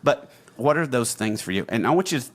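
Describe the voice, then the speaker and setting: A middle-aged man talks through advice as a podcast host. His voice sits at an ordinary middle pitch, and his manner is earnest and teaching. He repeats and stresses his main points. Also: animated, brisk. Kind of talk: casual advice talk.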